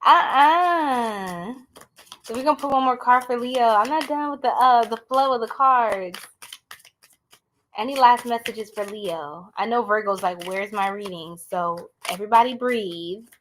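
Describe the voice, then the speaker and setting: A woman's voice: on the high side, moderate pace, fairly bright tone, slight background noise. A woman doing a casual live-stream tarot reading, chatting with viewers in a slangy, blunt way.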